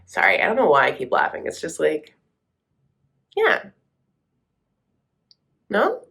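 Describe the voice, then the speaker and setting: Host, woman, low-voiced, sassy gossip recap with snappy asides and quick mimicked voices. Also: wildly swooping pitch, creaky, a bit bright. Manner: sassy, gossipy, calls the viewer honey; breaks into quick voices for the people she quotes. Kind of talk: casual TV recap commentary.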